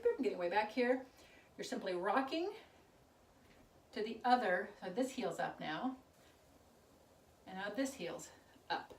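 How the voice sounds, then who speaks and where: A woman casually teaching chorus choreography, chatting and half-singing lyrics as she demonstrates moves. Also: medium pitch. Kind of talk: casual dance instruction. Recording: roomy, recorded from a distance.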